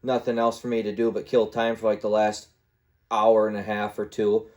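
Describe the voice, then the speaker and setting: A man's voice: on the low side, completely flat delivery, normal speed, darkish tone. A man hosting his own podcast, telling rambling stories in a casual monologue and now and then slipping into little voices. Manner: rambling storyteller who acts out little voices and sound effects. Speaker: podcast host.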